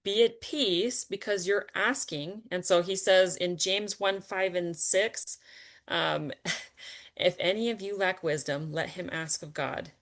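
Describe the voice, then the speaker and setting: A woman with a low voice guides a spiritual conversation. She talks in an earnest, animated way, laughing often and pausing on fillers. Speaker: spiritual teacher.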